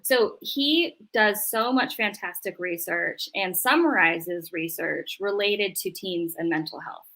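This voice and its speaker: Bright-voiced middle-aged woman therapist. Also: mid-range voice, a little slow, few pauses. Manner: animated, acts out voices in quotes. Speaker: marriage and family therapist. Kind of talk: casual interview chat.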